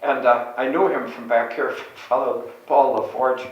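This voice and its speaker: A man's voice: medium pitch, fairly even intonation, unhurried, muffled recording. Older guy, a priest from chicago, rambling through old stories, mic far off, big echo. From Chicago, USA. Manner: meandering, self-correcting storyteller. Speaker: Catholic priest. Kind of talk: reminiscing anecdotes. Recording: very echoey room, distant mic.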